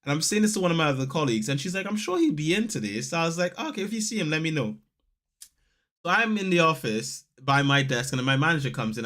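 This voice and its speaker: A man, telling animated stories in a casual podcast chat and acting out the people he quotes. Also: mid-range voice. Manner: animated storyteller, acts out quotes, laughs often. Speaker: podcast co-host.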